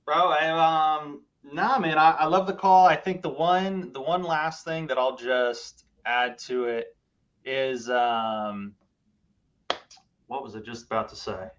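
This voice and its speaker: A man co-hosting a casual coaching call, talking in an animated way and acting out phone calls. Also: mid-range voice, slow pace, lo-fi sound. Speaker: co-host.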